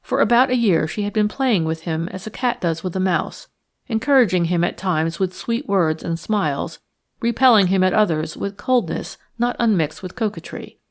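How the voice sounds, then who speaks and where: A woman narrating a classic detective novel in a measured, even storytelling manner. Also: medium pitch. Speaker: audiobook narrator. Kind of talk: scripted narration.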